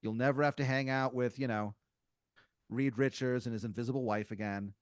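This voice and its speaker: A man's voice: medium pitch, fairly even intonation, brisk, smooth, no room sound, studio quality, lightly acted. A man playing an eager, salesy male corporate caller in improvised comedy, with hesitant fillers. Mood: chipper. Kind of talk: improvised comedy role-play.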